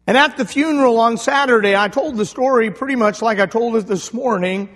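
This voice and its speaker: A man preaching a sermon, telling a story quietly and then rising into shouted appeals. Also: very high-pitched, a little fast. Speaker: pastor. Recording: long hall reverb.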